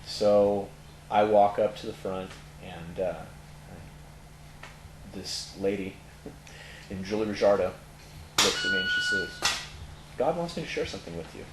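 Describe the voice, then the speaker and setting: A middle-aged Californian man, a tattoo parlor owner, candidly telling his life story in an interview with many fillers. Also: on the low side. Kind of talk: personal testimony in conversation. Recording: echoey room, faint noise.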